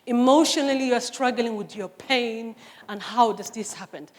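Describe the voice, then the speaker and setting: A middle-aged woman from Somalia speaks on stage in a fairly high voice. Her testimony is impassioned and emphatic, pressing each point home. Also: moderate pace. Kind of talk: personal testimony talk. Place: stage before an audience.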